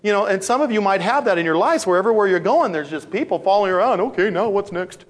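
A male pastor preaches a sermon as animated storytelling, acting out voices and repeating phrases for emphasis. His voice is high and he talks very fast.

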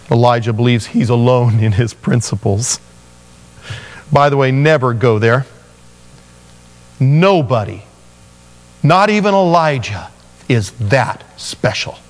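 Lively storytelling pastor in a reverberant hall. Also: male voice, mid-range voice, slow, long pauses. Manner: animated storytelling, acting out biblical figures in voices. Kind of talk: sermon.

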